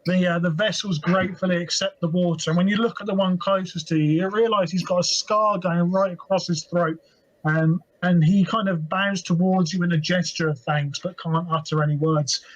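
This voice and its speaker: A man running a tabletop game as game master, his voice sitting high for a man. He narrates scenes steadily, with some ums along the way. The audio is a little dull. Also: normal speed. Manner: steady descriptive narration with fillers.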